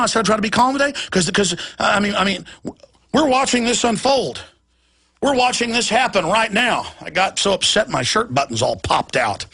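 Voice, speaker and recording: Raspy gravelly guy yelling through an angry rant, high and bright. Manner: agitated, often shouting, repeats words. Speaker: radio talk show host. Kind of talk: ranting monologue.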